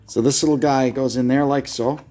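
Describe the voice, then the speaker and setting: A man's voice: medium pitch, fairly even intonation, warm tone, faint music behind. A man casually explaining a brake lathe repair step by step as he works in his garage, thinking aloud with fillers, recorded on a phone nearby. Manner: thinks aloud, halting with fillers while working. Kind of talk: casual workshop how-to narration. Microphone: phone camera propped nearby.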